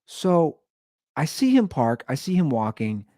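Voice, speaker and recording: A man's voice: a little high, sing-song, measured pace, dark tone, no room sound, studio quality. A man hosting a comedy podcast, telling a story and acting out both sides of the argument.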